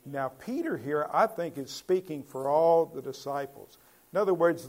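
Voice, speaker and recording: A man's voice: a little high, expressive, moderate pace, darkish tone. A man preaching a Bible-teaching sermon in a conversational way, asking his listeners questions and building to emphatic points.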